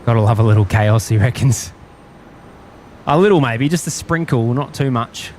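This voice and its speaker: A man's voice: medium pitch, moderate pace, darkish tone. Australian man, casual live-stream host, laid-back, chuckles often, outdoors, faint traffic hum behind. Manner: easygoing, rambling, chuckles often. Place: outdoors at a plane-spotting spot by an airport.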